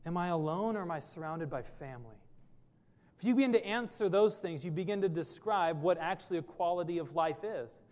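A man's voice: a little high, expressive, brisk, a little mellow, big-room sound. A man preaching a sermon as a pastor, earnest and full of rhetorical questions.

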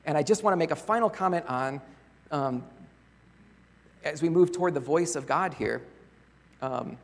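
A man preaching a sermon as a pastor, earnest and conversational, often pausing on rhetorical questions. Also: on the high side. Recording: long reverb of a large hall.

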